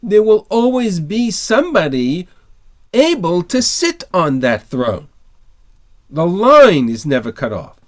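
A man teaches an online text-study class, and his fairly high voice swings widely in pitch. He reads a passage aloud, then explains it with emphatic rhetorical questions that he answers himself. The sound comes through a video call. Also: very animated, slow.

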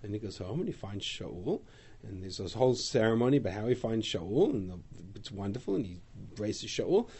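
Animated husky male Bible teacher. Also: lowish voice, fairly quick. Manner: animated storytelling, acts out quotes. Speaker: Torah teacher. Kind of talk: Bible class lecture.

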